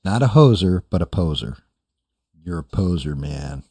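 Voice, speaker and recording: Low, dark-voiced older man ranting casually. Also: lively intonation, normal speed, slightly rough, no echo, studio quality. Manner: profane, rambling, self-deprecating. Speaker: streamer host. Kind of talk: casual chat reading live chat.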